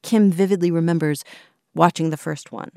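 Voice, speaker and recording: A woman hosting and narrating a documentary in a measured, reflective way. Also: on the low side, steady tone, vocal fry, darkish tone, dry recording, studio quality. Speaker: host and narrator.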